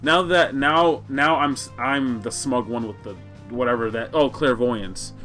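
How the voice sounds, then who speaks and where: A man voicing a sardonic teenage girl, in a measured, wordy manner. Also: medium pitch, sharp tone, soft background music. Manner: measured, wordy, self-deprecating.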